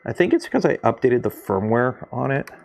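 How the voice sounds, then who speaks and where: A man's voice: mid-range voice, big pitch swings, fairly quick, vocal fry, a little mellow. A man from Canada hosting a casual maker livestream, rambling and joking as he works, swearing now and then and talking to his machines in a home workshop. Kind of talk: casual livestream chat while building.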